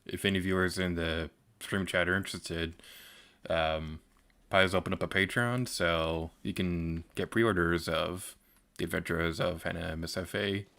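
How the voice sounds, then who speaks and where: A man hosting a gaming stream, chatting in a relaxed way and laughing often. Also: deep voice, unhurried, vocal fry, smooth. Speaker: stream host. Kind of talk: casual chat while gaming.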